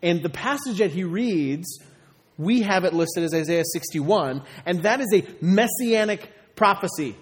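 A man with a high voice preaches to his congregation, talking conversationally and asking rhetorical questions. His words ring out with the long reverb of a big church hall. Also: expressive, a little slow. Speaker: pastor. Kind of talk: sermon.

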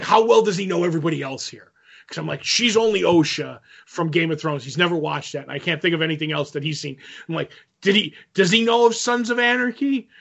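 A man co-hosting a podcast rambles through casual chat, piling up fillers and restarting often. He has a fairly high, gravelly voice with a fairly bright tone, captured in dull lo-fi sound.

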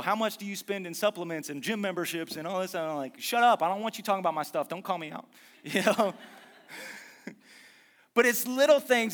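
A man preaching a sermon as pastor, lively and conversational, mixing jokes and asides about his marriage into the message. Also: sits high, long reverb tail.

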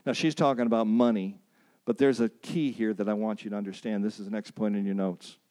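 This man's voice is lowish, steady, warm, and a little fast as he delivers a workshop sermon. He leans on emphatic repetition of key phrases, prompts listeners to repeat lines, and weaves in self-deprecating stories.

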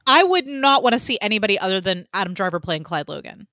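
A woman's voice: medium pitch, expressive, quick pace, sharp tone, no room sound. A woman from Georgia co-hosting a podcast, chatting casually with many fillers and some swearing. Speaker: podcast co-host. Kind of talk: casual chat.

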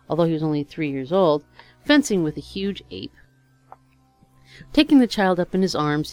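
A woman reads a fairy tale aloud in a measured, expressive way. Her voice sits a little low, close and dry. Soft music plays faintly underneath. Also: no echo. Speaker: storyteller. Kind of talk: storybook reading.

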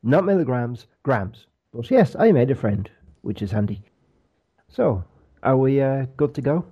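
Dry-joking man, mellow lo-fi voice. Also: mid-range voice, very animated, moderate pace, breathy edge. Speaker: podcast co-host. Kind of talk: casual chat. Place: rented flat abroad.

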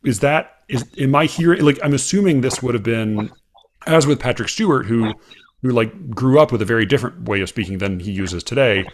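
An American man hosting a casual chat, talking haltingly with many fillers and restarts. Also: medium pitch, a little hiss or hum. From United States.

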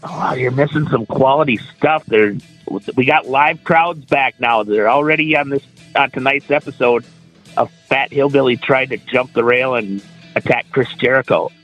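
A man's voice: mid-range voice, moderate pace, a bit bright, faint music behind, low-quality recording. Chatty man with self-mocking humor. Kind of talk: casual podcast chat.

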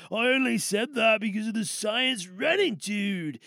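A man playing a slow-talking stoner surfer guy, lower and softer than his usual voice, gravelly, dry close sound, comedy audio play. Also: no echo, heavily acted. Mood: sheepish. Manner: drawling, slangy. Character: laid-back stoner surfer dude, male.

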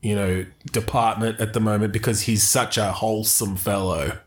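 A man's voice: fairly low pitch, level tone, normal speed. A man improvising a smug, scheming character who claims to steer people toward failing upwards. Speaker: improv comedian playing a scheming spirit. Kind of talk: improvised comedy chat.

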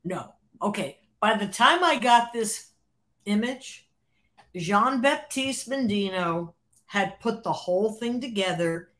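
A woman being interviewed, telling an animated story, laughing often and acting out what others said. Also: medium pitch, slow pace. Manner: animated, acts out quoted voices, laughs often. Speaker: interview guest, former record label creative executive.

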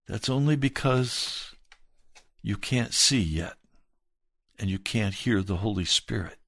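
A man preaching a sermon as pastor, reading aloud and speaking in an earnest, measured way that drops soft and low for emphasis. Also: lively intonation, gravelly, slightly rough, no echo.

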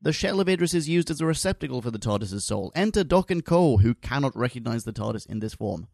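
A man's voice: mid-range voice, quick pace, creaky, dry recording, clean studio sound. A man co-hosting a podcast, reading listener reviews aloud in a jokey, giggly way. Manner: jokey, giggly, reads listener mail in a lively voice.

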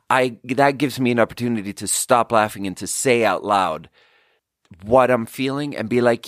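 A man's voice: mid-range voice, lively intonation, normal speed, a bit bright, no room sound, clean studio sound. A man hosting a casual solo podcast, rambling and self-deprecating with lots of filler words while he tastes drinks. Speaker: podcast host.

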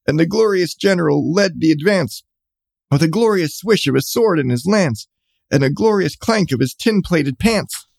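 A man's voice: high-pitched, creaky, a little mellow, dry recording. A man reading a rhyming children's storybook aloud with a bouncy cadence.

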